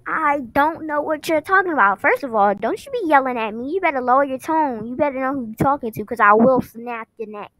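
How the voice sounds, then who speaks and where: A woman voicing a sharp-tongued young woman who feels neglected by her boyfriend, in an amateur online drama, talking in a sassy, threatening way with quick comebacks. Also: high voice, animated, no echo, low-quality recording. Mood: defiant.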